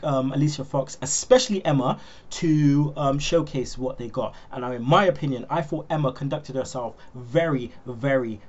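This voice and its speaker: A man's voice: on the high side, darkish tone, muffled recording. Hesitant man podcast host. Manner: hesitant, many ums, asks questions. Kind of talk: casual chat.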